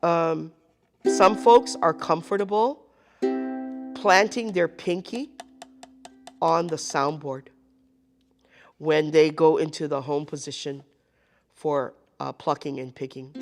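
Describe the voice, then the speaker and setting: A woman's voice: deep voice, steady tone, slow pace, pauses often, over music. A woman teaching a live group ukulele lesson, counting beats aloud and checking in with the class. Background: ukulele playing.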